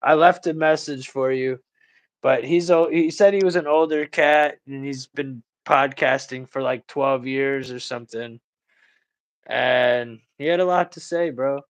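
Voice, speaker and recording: A man's voice: mid-range voice, fairly even intonation, unhurried. A man hosting a livestream in casual chat, rambling and slangy, calling people bro and dude. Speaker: livestream host.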